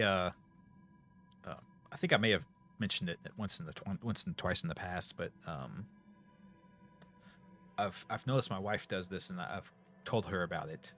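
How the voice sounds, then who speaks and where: Faint music plays behind a middle-aged male streamer who talks to his viewers in a Northern US accent. He rambles casually, full of fillers and restarts, and his low-sitting voice is bright and forceful.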